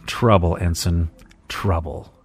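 A man's voice: mid-range voice, big pitch swings, slow pace, darkish tone, faint music behind. A man doing a hesitant alien counselor. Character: gentle male alien ship counselor.

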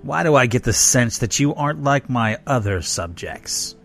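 A man's voice: mid-range voice, lively intonation, moderate pace, creaky, faint music behind, voice pushed up. A man voicing a cruel, methodical alien doctor who snarls with cool menace. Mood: menacing.

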